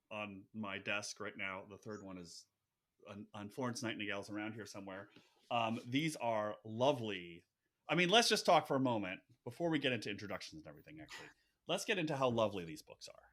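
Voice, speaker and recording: A man's voice: medium pitch, expressive, brisk, fairly bright tone. A man hosting a podcast, reading an upbeat intro and then chatting casually with his guests, stressing key words with big rises. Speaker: podcast host. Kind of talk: podcast intro and interview chat.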